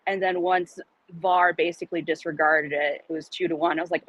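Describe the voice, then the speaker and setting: A woman talking in an upbeat, confident way as a podcast co-host, with lively shifts of tone when she quotes other people. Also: on the low side, brisk, poor audio. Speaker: podcast co-host supporting from abroad. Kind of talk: casual chat.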